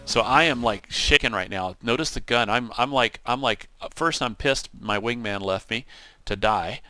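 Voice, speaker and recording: A man giving casual, animated commentary over his own flight-sim gameplay, acting out what he and his wingman said. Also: medium pitch, normal speed, no echo, faint music behind. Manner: animated storytelling, acts out radio calls. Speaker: gaming channel host.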